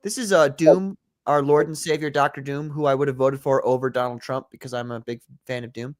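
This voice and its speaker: A man's voice: medium pitch, fairly even intonation, fairly quick. A man co-hosting a livestream, talking loosely and profanely and reading viewer chats aloud. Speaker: podcast co-host. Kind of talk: casual livestream chat.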